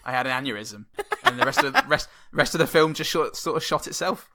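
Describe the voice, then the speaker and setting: A man co-hosting a podcast, telling dry, deadpan jokes and laughing often in casual film talk. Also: on the high side, quick pace. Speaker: podcast co-host. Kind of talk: casual film-review chat.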